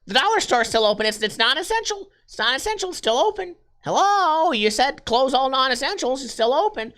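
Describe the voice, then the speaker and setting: A man's voice: very high-pitched, very animated, brisk, pushed and bright, pitched above the performer's own voice, heavily acted. A man doing an impression of a nagging old woman phoning in a complaint to the police. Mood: whiny. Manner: whiny, insistent, tattling. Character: shrill nagging old lady caller.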